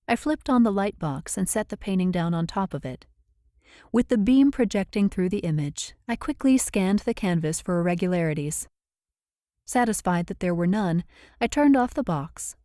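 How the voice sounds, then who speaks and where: A woman reads a first-person novel aloud as an audiobook, with a low-set, mellow voice. She tells the story in a measured, even way. The sound is close and completely dry, with no room at all. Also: dry recording. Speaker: audiobook narrator.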